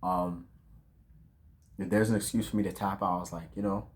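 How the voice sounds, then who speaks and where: Low-voiced young man rambling reflectively. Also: fairly even intonation, moderate pace. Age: 20s. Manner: reflective, with lots of fillers and slang. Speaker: vlogger. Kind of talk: casual rambling monologue. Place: outdoors at dusk.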